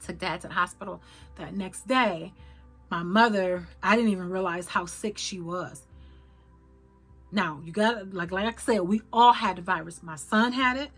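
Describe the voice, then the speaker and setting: A middle-aged woman with a fairly low voice tells her viewers a painful personal story. She speaks haltingly and with feeling, circling back with fillers and restarts. Faint music plays under her voice. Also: a bit bright, slightly rough. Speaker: vlogger.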